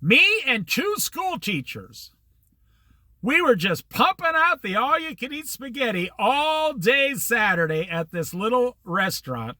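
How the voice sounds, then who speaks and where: Speaking a little slowly in a sing-song way, the older male host drifts through a casual anecdote, quoting people and acting out both sides of conversations from his past. His pitch is high for a man and varies widely from phrase to phrase. His very bright, ringing voice is captured dry and close, without any room echo.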